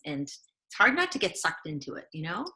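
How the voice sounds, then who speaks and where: A woman's voice: deep voice, sing-song, a little fast, background noise. A woman lifestyle coach, a podcast guest, talking earnestly and reflectively, acting out the voices in her head. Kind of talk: conversational interview.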